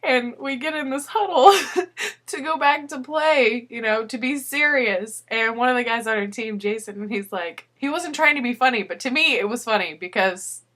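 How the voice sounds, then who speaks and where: A woman's voice: fairly high pitch, normal speed, a bit bright. A young woman chatting casually in a personal video letter, telling a story and breaking into frequent giggles. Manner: giggly storytelling, laughs often.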